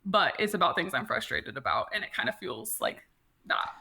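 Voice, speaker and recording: A woman's voice: on the low side, very animated, normal speed, creaky, pushed and bright. A woman guest on a casual podcast interview, speaking reflectively with many "like" fillers and restarts.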